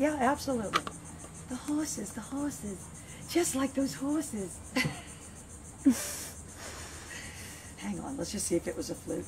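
A woman's voice: a little high, animated, slow pace, pauses often. A woman training her dog and talking casually, chatty and playful, with sing-song repeats. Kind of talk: casual training demo talk. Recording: noisy outdoor recording.

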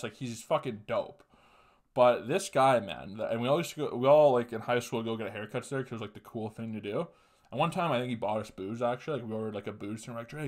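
A young man hosting his own podcast, telling long, rambling stories full of swearing, laughs and quick asides. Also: medium pitch. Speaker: podcast host. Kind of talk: casual solo podcast storytelling.

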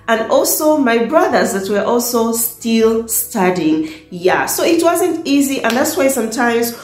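A woman's voice: fairly high pitch, big pitch swings, measured pace. A young woman from Tanzania telling a personal story to her viewers, often laughing between sentences. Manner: warm, laughs often, emotional at times. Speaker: vlogger. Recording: echoey room with faint music.

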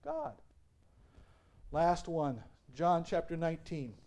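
Man, pastor, high-pitched, lively questioning sermon delivery with frequent laughs. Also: slow pace, gravelly. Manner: asks the congregation questions and lets them answer. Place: church sanctuary.

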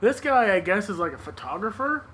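A man's voice: high voice, sing-song, fairly quick, a loud crowd, poor audio. A man hosting a podcast, recounting news in loose, casual chat with frequent laughter and swearing. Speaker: podcast host.

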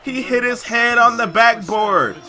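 A man giving excited gameplay commentary over a basketball video game and yelling on big plays. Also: very high-pitched, measured pace, faint music behind. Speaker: gaming YouTuber.

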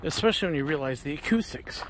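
Animated man touring an outdoor amphitheater. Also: fairly high pitch, quick pace, noisy background. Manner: animated, showman-like projecting at times. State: out of breath. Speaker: travel vlogger, host. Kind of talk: casual guided tour. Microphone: handheld camera, no microphone.

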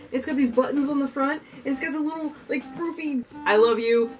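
A young woman vlogging as she unboxes gifts, gushing, gasping and squealing with excitement. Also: high-pitched, moderate pace, hardly any pauses. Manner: gushing, squeals and gasps often, lively and giddy. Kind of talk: excited casual unboxing chat. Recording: music playing underneath.

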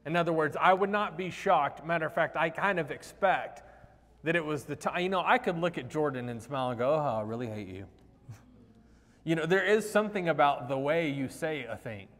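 A man preaching a sermon in a conversational, animated way, acting out the quoted lines. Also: a little high, brisk. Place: church sanctuary. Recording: long hall reverb.

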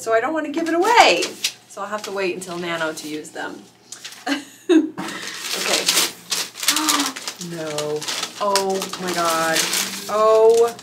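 A middle-aged woman vlogging as an author YouTuber, gushing and squealing with excitement while unboxing gifts, teary-eyed. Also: on the high side, background noise. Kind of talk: unboxing vlog.

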